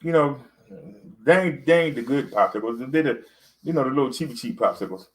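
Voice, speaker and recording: A man chats to his camera in a relaxed, rambling way, looping back over his words with plenty of "you know" and "um". His voice sits at an ordinary pitch, and the speech has a lilt. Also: brisk, low-quality recording. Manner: rambling, conversational, with fillers and repeats. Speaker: vlogger. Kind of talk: casual talk to camera.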